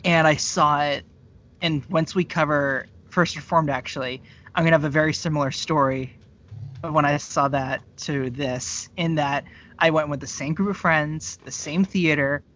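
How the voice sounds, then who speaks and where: A man's voice: a little high, steady tone, normal speed, a bit bright. A man chatting casually on a podcast, rambling and laughing often. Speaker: podcast co-host. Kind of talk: casual chat. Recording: dull lo-fi sound.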